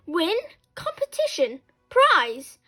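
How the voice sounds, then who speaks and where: A woman's voice: very high-pitched, huge pitch swings, slow pace, bright, forceful tone, pitched above the performer's own voice, exaggerated voice. A woman reading a story aloud and voicing a cheeky, scheming schoolboy with a sly, cocky swagger.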